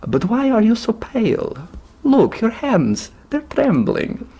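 A man voicing a suspicious, fussy old pawnbroker woman in a high, wavering voice with a put-on Russian accent. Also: wildly swooping pitch, takes it slowly, warm tone, breathy edge, exaggerated voice.

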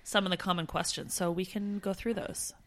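A woman co-hosting a casual travel podcast, chatty and animated, with a bright, forward voice. She swears offhandedly and talks in quick bursts. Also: medium pitch. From Canada. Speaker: podcast co-host. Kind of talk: casual chat.

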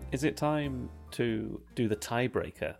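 A man co-hosting a comedy podcast, playful and quick to laugh. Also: mid-range voice, creaky, over music. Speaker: podcast co-host. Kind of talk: casual comedic chat.

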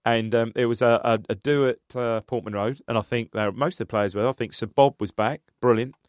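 A man's voice: mid-range voice, steady tone, fairly quick, clean tone, no echo, studio quality. A man co-hosting a podcast, rambling through a football anecdote in a loose, chatty way. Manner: rambling anecdotal storyteller, laughs at own story. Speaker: podcast co-host. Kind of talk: casual football chat.

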